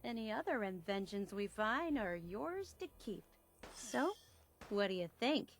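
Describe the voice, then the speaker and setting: A woman voicing an eager female collector obsessed with a soft drink, speaking with bubbly enthusiasm in video game dialogue. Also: sing-song, measured pace. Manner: enthusiastic, bubbly sales pitch.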